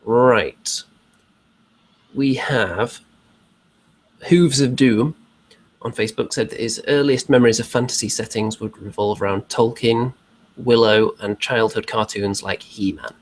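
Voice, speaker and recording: A man's voice: medium pitch, steady tone, measured pace, long pauses. A man co-hosting a casual online chat show, talking in a chatty way with rhetorical asides. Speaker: podcast co-host.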